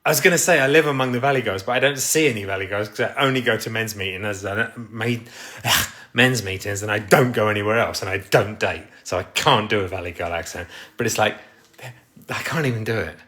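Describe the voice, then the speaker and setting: A man's voice: on the low side, brisk, pushed and bright. An English man chatting casually on a livestream, reading the comments and rambling with a self-deprecating humor. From England.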